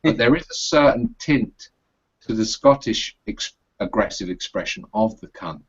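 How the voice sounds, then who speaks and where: A man's voice: lowish voice, animated, normal speed, breathy edge, lo-fi sound. A man hosting a podcast, swearing and laughing in crude casual banter about slang. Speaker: podcast host.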